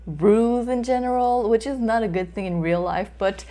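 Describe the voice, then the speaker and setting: A woman's voice: fairly high pitch, moderate pace, dark tone. A woman from North America hosting her own book review vlog, talking in a chatty, hesitant way with frequent small laughs. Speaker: book reviewer, channel host.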